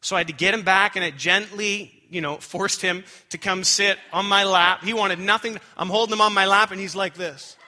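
Lively, bright-voiced man preaching. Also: normal speed, few pauses. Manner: animated storytelling, swings high when excited. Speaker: pastor. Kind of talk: sermon.

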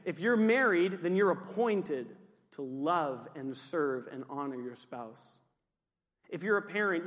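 A man's voice: high voice, in a large hall. A male pastor preaching a sermon emphatically, repeating key phrases.

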